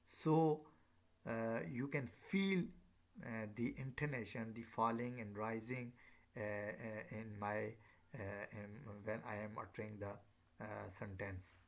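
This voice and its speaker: A male lecturer talks at an unhurried crawl, stopping often on fillers and repeating words as he goes. Every so often he acts out short example phrases to show how tones rise and fall. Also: on the low side, steady tone. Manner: slow and halting, many fillers and repeats; demonstrates rising and falling tones on example phrases. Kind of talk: recorded lecture.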